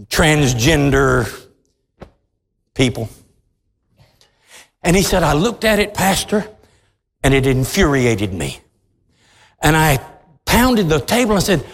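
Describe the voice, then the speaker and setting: A man preaching a sermon as pastor of his church, impassioned, swinging from low intensity to loud outbursts. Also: big-room sound. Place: large church hall.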